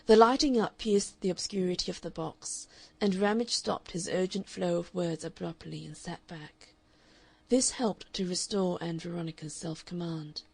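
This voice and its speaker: A woman narrating a classic novel in a steady, measured audiobook reading. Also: on the low side, creaky. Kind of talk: scripted narration.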